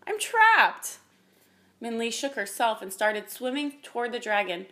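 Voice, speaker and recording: Woman calmly reading a storybook. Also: a little high, normal speed. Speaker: reader.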